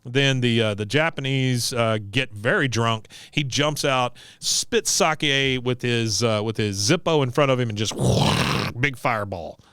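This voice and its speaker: A man's voice: mid-range voice, unhurried, hardly any pauses, fairly bright tone, clean tone, no room sound, clean studio sound. A man hosting a podcast, casually recapping a cartoon episode in a rambling, laughing way. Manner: laughing, rambling, with many fillers. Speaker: podcast host.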